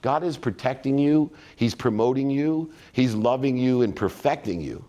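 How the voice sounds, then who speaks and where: Man voicing a calm, loving older mother. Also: mid-range voice, normal speed, pitched above the performer's own voice, close to an everyday voice. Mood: reassuring. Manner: gentle and reassuring.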